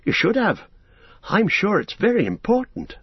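A man voicing a cheerful, chatty young male hobbit in a high, eager, inquisitive voice while reading an audiobook. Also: wildly swooping pitch, moderate pace, slightly rough, dry recording, heavily acted. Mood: curious. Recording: dull, dry recording.

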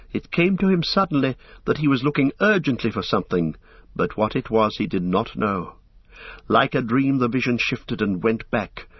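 Husky man narrating a story. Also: medium pitch, dry recording. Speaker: audiobook narrator. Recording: dull lo-fi audiobook recording.

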